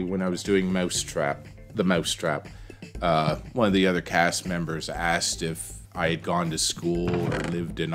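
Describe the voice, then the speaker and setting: A man's voice: deep voice, fairly bright tone. A man streaming a game, rambling to himself and greeting chat as he plays. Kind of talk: casual gameplay commentary.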